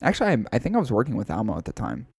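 A man co-hosting a podcast, telling a story in casual, profane, animated chat. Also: fairly low pitch, racing, gravelly, husky, no room sound, clean studio sound. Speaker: podcast co-host.

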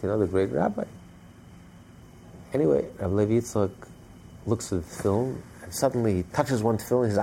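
Gravelly-voiced man teaching a religious class. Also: mid-range voice, fast, slight background noise. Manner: animated storyteller with frequent restarts. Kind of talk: storytelling in a religious lesson.

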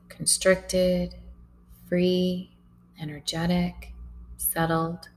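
Slow, gravelly-voiced woman leading yoga. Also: on the low side, low-quality recording. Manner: calm, soft, counting breaths aloud. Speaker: yoga instructor. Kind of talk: guided yoga and breathing instruction.

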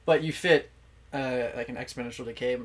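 A man's voice: mid-range voice, fairly even intonation, a little fast. A young man as a podcast guest, chatting casually, laughing easily and explaining things with lots of fillers. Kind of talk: casual chat.

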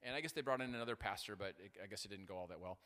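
A male pastor preaching with humor and stories, animated and self-deprecating, full of fillers and restarts. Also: on the low side, rapid-fire. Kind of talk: sermon with storytelling. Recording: long hall reverb.

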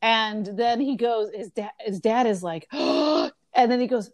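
A woman's voice: medium pitch, no echo. Chatty woman retelling a story. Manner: chatty retelling, acting out lines in quick voices. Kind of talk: casual book discussion.

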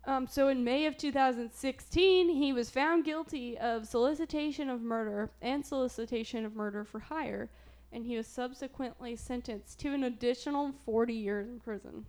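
A woman's voice: fairly high pitch, normal speed, darkish tone. A young woman from Southern Illinois hosting a casual true-crime podcast, chatty with trailing fillers. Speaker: podcast host.

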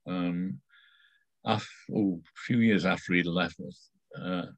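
A middle-aged man telling stories casually, rambling and halting with many fillers and restarts. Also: low voice, fairly even intonation, no room sound, poor audio. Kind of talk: casual storytelling.

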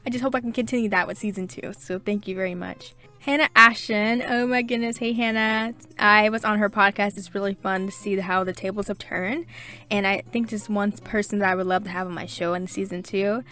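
A woman's voice: mid-range voice, steady tone, brisk, sharp tone, faint music behind. A young woman hosting her own podcast, reading listener reviews aloud and thanking each one in a gushing, chatty way full of fillers. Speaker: podcast host.

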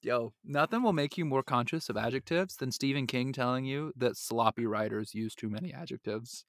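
A man co-hosting a comic podcast, an animated and joking storyteller with crude humor. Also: mid-range voice, moderate pace, no echo, clean studio sound. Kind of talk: casual podcast banter.

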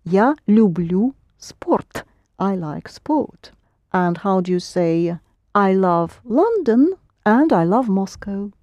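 A woman's voice: medium pitch, animated, slow, mellow, dry recording, highs cut off. A woman teaching a Russian lesson in English, patiently correcting her students' pronunciation. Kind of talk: language lesson.

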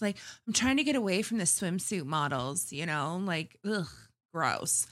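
A woman's voice: lowish voice, animated, a little slow, pushed and bright, no room sound, clean studio sound. A woman co-hosting a podcast, making blunt, sardonic remarks in casual chat. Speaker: podcast co-host.

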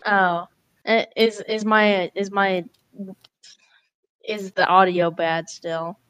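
A woman co-hosting a casual podcast over rough audio, making dry deadpan remarks. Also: mid-range voice, slow pace, dry recording, low-quality recording. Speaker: podcast co-host. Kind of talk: casual chat.

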